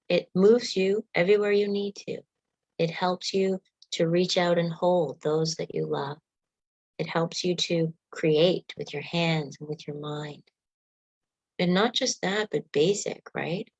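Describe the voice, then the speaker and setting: A woman leading a guided meditation, coaching listeners gently through affirmations, yawns and stretches. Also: fairly low pitch, no echo, rough recording. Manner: leads yawning and stretching exercises.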